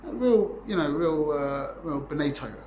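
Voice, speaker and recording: A man's voice: fairly high pitch, lively intonation, unhurried, a little mellow, echoey room, a little hiss or hum. A man in his forties giving an informal Torah class, talking in a rambling, conversational way and often checking in with "yeah?". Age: 40s. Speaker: Torah teacher.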